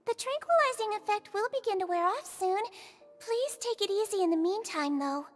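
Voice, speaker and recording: A woman voicing a small, gentle nurse spirit in game dialogue, polite and patiently earnest. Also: extremely high pitch, animated, moderate pace, soft background music. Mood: clinical. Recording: long reverb hall sound.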